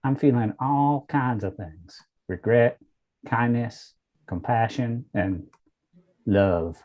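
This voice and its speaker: A man's voice: medium pitch, a little mellow, lo-fi sound, lightly acted. A man playing a lovestruck husband. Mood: tender. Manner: halting, sentimental. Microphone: video call.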